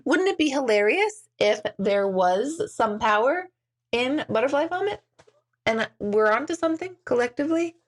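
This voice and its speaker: Giggly, animated woman chatting live. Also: on the high side, normal speed. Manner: giggly, self-mocking, animated. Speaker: intuitive reader hosting a live stream. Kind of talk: casual live-stream chat with viewers.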